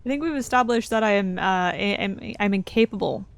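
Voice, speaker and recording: A woman's voice: mid-range voice, a little fast, gravelly. A young woman live-streaming a game from her desk at home, chatting casually with lots of swearing and laughing asides.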